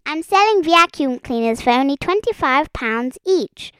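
A woman voicing a small, self-important male bird salesman with a brisk sales pitch in a storybook reading. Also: expressive, a bit bright, no echo. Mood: pushy.

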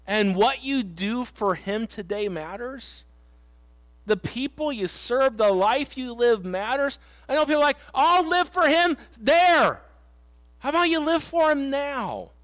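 A man's voice: very high voice, a bit bright, no echo. A middle-aged man preaching a sermon in a church, earnest and emphatic, telling stories and repeating his points. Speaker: pastor. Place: church sanctuary.

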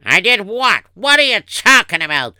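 A man's voice: high-pitched, sing-song, moderate pace, sharp tone, clean tone, no room sound, exaggerated voice. A man playing a nervous, defensive businessman in a storytelling drama, repeating himself as he makes excuses. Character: flustered businessman, defensive and evasive.

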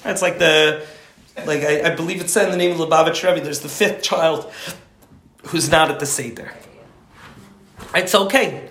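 A man's voice: fairly high pitch, steady tone, moderate pace, long pauses, a bit bright, a little hiss or hum. Man lecturing a group in an echoey room. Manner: rambling, restarts sentences, emphatic. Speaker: teacher leading a study group.

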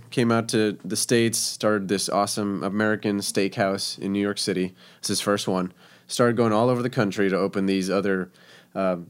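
A man with a somewhat low voice recounts his days as a restaurant cook in a relaxed conversation. He is animated and laughs often as he tells it. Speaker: guest telling a kitchen story. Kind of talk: casual storytelling chat.

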